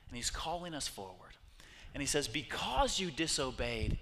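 A man preaching a sermon, telling scripture stories with lively acted-out voices. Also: medium pitch, moderate pace, in a large hall, a little hiss or hum. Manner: animated storytelling, acting out voices of God and people. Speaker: pastor. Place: church sanctuary.

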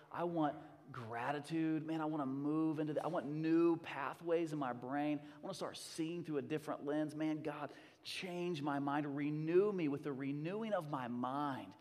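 Impassioned male pastor in a reverberant hall. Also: fairly high pitch. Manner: impassioned, emphatic preaching with dramatic swings from hushed to loud. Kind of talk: sermon. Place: church sanctuary.

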